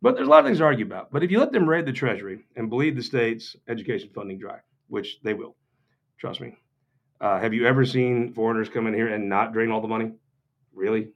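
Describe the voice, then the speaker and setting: A man's voice: lowish voice, brisk, dull audio. A man from Missouri giving off-the-cuff, joking political remarks to a gathering, sardonic and rambling with mocking asides. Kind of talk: off-the-cuff humorous political talk.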